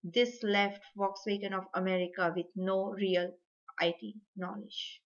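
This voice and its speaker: A woman student presenting a case study, reading carefully and measured. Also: mid-range voice, fairly even intonation, highs cut off.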